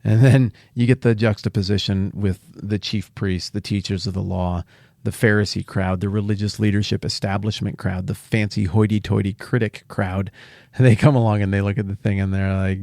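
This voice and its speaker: A middle-aged man hosting a podcast, teaching the Bible in a casual, animated way with jokey asides and playful paraphrases. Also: fairly low pitch, moderate pace, dry recording, studio quality.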